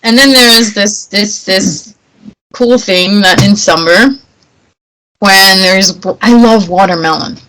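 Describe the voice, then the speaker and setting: A woman's voice: mid-range voice, takes it slowly, fairly bright tone, poor audio. A woman from Germany co-hosting a podcast, chatting casually with frequent laughs and repeated words. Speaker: podcast co-host. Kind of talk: casual chat.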